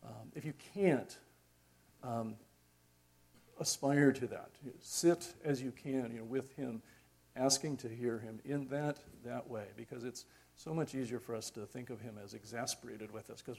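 A middle-aged man preaching a sermon in a reflective, conversational way, pausing often with fillers. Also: medium pitch, vocal fry, darkish tone, slightly rough.

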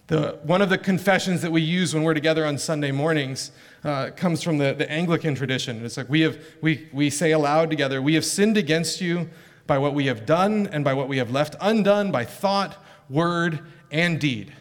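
A man's voice: a little high, moderate pace. A middle-aged male pastor preaching an earnest, emphatic sermon full of rhetorical questions. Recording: long hall reverb.

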